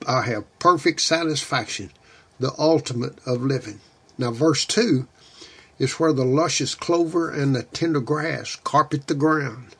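A man preaching a sermon, reading scripture slowly and deliberately. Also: mid-range voice, fairly bright tone, breathy edge.

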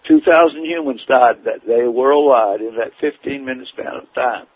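A man's voice: mid-range voice, normal speed, slightly rough, dry recording. A man preaching his testimony in an earnest, emphatic storytelling manner. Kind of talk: testimony sermon. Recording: tinny phone-like radio broadcast.

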